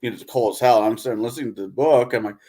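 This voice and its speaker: A man's voice: medium pitch, rapid-fire, warm tone, slightly rough. A man co-hosting a casual chat, telling stories and laughing as he talks.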